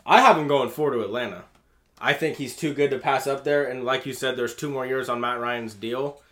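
A man with a mid-range voice joins a casual sports podcast chat. He speaks in a measured, agreeable way and lays out his reasoning calmly. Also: medium pitch. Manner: measured, agreeable, short replies. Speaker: podcast co-host.

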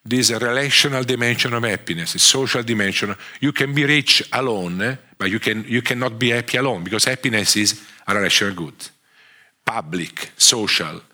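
A man with an Italian accent giving a conference lecture, speaking haltingly with frequent restarts and fillers. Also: medium pitch, bright, forceful tone. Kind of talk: conference talk.

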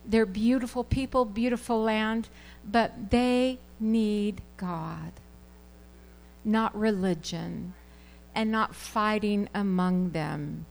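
A woman speaks to her church congregation in an even, middle-pitched voice. Her manner is earnest and conversational as she shares a heartfelt testimony. She talks to them as friends from the pulpit. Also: takes it slowly, creaky, rough recording. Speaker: church member giving a report.

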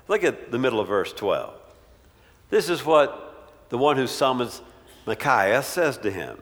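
Preacher with lively storytelling. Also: male voice, mid-range voice, slow, in a large hall. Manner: conversational storytelling with acted quotes. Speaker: pastor. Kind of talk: sermon.

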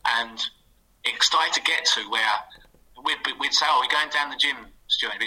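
A middle-aged man telling a lively anecdote as a guest on a radio show, putting on playful voices for the people he quotes. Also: mid-range voice, slightly rough, low-quality recording. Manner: fast, animated storytelling with playful quoted voices. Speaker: guest, former footballer.

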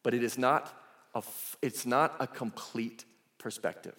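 A male pastor delivering a sermon, telling the story in a lively, casual way with asides. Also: medium pitch, a little slow. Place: church sanctuary. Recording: echoey church hall.

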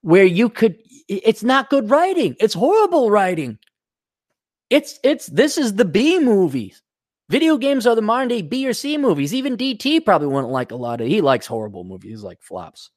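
This male podcast host's voice sits high and moves at a normal speed, captured in studio quality without echo. He rants in an animated, indignant way, swearing and sarcastically imitating characters in put-on voices throughout his casual monologue.

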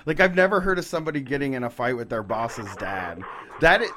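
A man's voice: mid-range voice, lively intonation, fairly quick, a crowd in the background. A man co-hosting a podcast, reacting with jokes and laughter in casual chat. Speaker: podcast co-host.

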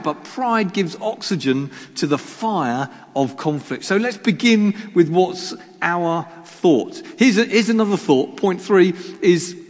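A man preaching a sermon in church, joking at his own expense and asking the congregation rhetorical questions. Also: high voice. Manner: self-deprecating humor, rhetorical questions. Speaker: pastor. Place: church hall. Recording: reverberant church hall.

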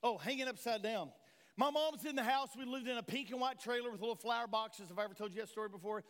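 A male pastor from delivers an impassioned sermon in a strikingly high voice. He keeps pulling the congregation in with questions. The sound rings out with a long church-hall reverb. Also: quick pace, fairly bright tone. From Tennessee, USA. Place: church sanctuary.

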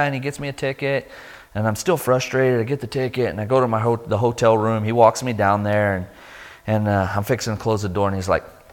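A man giving a sermon testimony, telling his story with lively energy and acting out the voices of people he met. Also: medium pitch, fast talker. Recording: long hall reverb.

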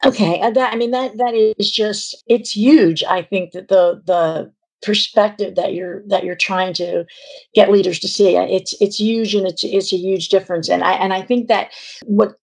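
Gravelly, husky woman podcast host. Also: medium pitch, steady tone, darkish tone. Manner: thoughtful, halting phrasing. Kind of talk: podcast interview.

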